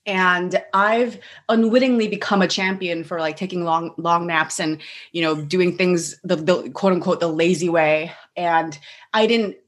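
A woman's voice: fairly low pitch, fairly even intonation, unhurried. A woman guest on a podcast, speaking casually and reflectively with many "like" and "you know" fillers.

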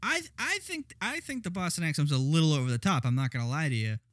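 A man's voice: a little high, big pitch swings, fast, a bit bright, dry recording, studio quality. A man co-hosting a casual film podcast, joking and stumbling over his words. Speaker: podcast co-host. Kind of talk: casual chat.

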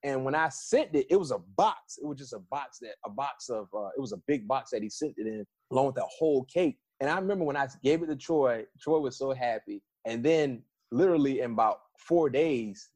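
A middle-aged man from South Florida, a former football player, telling lively stories in a casual interview and acting out the quotes. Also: medium pitch, brisk, no echo. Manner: animated, repeats and restarts, acts out quotes.

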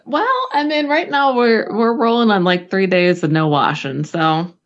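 A woman's voice: mid-range voice, animated, a little slow, lo-fi sound. A young woman co-hosting a podcast in casual chat, joking and trailing off mid-sentence. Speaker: podcast co-host.

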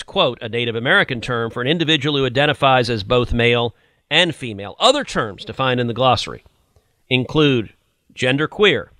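Sarcastic and indignant, this political podcast host reads out quotes only to ridicule them as part of his opinionated commentary. He speaks at medium pitch with a sharp tone, and there's no room sound.

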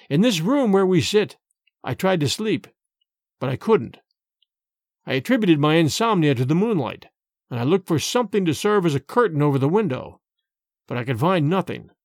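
A man narrating a dark tale. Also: a little high, dry recording, studio quality. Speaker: storyteller. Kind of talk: storybook narration. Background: faint music.

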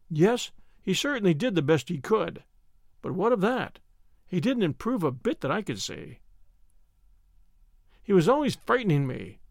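A man's voice: sits high, no echo, clean studio sound. A man narrating an audiobook with wry, dryly humorous storytelling. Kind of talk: scripted narration.

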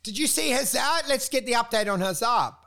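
A man's voice: extremely high pitch, animated, a little fast, gravelly, bright, forceful tone. A man co-hosting a comedy podcast, riffing crudely and laughing through his own jokes. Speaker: podcast co-host. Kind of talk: casual comedic chat.

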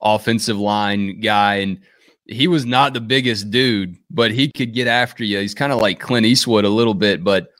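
A man's voice: on the low side, steady tone, normal speed, a bit bright, no room sound, studio quality. A man hosting an interview show, easygoing and asking long, rambling questions. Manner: easygoing, laughs along, asks long questions. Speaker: show host. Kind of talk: interview conversation.

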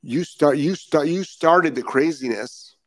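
A man's voice: on the high side, unhurried, dry recording. A man hosting a live dog-training show, talking bluntly and repeating his key points for emphasis. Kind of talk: live-stream talk. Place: Florida.

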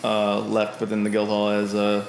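A man's voice: fairly low pitch, completely flat delivery, normal speed, creaky. Male game master, hesitant rambling narration, roomy recording. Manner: rambling, hesitant, with many fillers and restarts. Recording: roomy echo with faint noise.

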